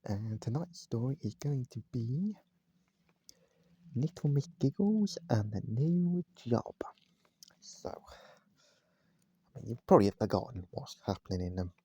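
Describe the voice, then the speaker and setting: A man reading a children's storybook aloud at home, gentle and speaking straight to his listeners. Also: medium pitch, sing-song, measured pace, pauses often, husky, no room sound, lo-fi sound. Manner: gentle, addresses listeners directly. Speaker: vlogger reading a bedtime story. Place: at home, indoors, cat on his knee.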